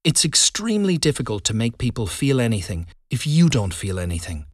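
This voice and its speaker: Male speaking coach, scripted lesson, lively pitch, keywords stressed, dry booth sound. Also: dry recording. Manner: deliberate, emphatic delivery with stressed keywords. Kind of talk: scripted instructional narration.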